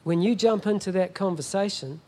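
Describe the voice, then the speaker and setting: A man's voice: high voice, moderate pace, dark tone. A middle-aged man preaching a sermon as a guest pastor, emphatic and often asking the congregation "Amen?".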